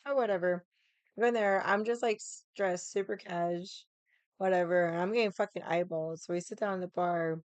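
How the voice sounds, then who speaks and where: A woman's voice: on the low side, fairly even intonation, moderate pace, dry recording. Young adult woman, streamer, casual rambling chat, frequent swearing, dry room. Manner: rambling, swears a lot, many likes.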